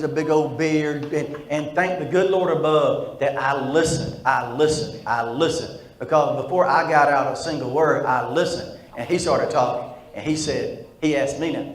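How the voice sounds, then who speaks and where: A man doing stand-up storytelling. He has a stutter and repeats words, and his voice sits a little high. He talks straight to the crowd in an echoey room. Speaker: stand-up comedian.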